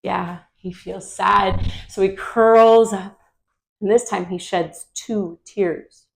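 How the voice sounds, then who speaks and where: Gentle woman telling a kids yoga story. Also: medium pitch, steady tone, slow pace, gravelly. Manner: gentle, asks the children questions.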